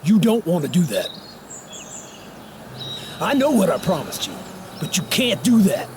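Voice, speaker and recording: A man's voice: high voice, wildly swooping pitch, measured pace, darkish tone, a little hiss or hum, heavily acted. An actor playing a protective, hot-tempered trucker who talks to the player in a fatherly, familiar way, from a video game. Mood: pleading. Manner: fatherly, calls the player young blood. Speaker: game character. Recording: game audio with music behind.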